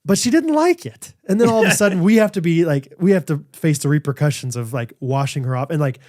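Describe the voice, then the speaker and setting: A man's voice: on the high side, fast talker, no room sound, clean studio sound. A man in his thirties co-hosting a podcast, rambling through stories with lots of fillers and reading ads in a casual way. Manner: rambling, animated storytelling with fillers. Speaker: podcast co-host. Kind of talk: casual chat with ad reads.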